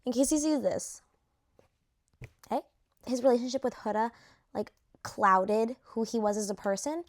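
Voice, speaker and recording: A young woman talks casually straight to her viewers, ranking reality show contestants. Her talk is loose and slangy and full of fillers. Her voice sits a little high. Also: moderate pace. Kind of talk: casual chat to camera.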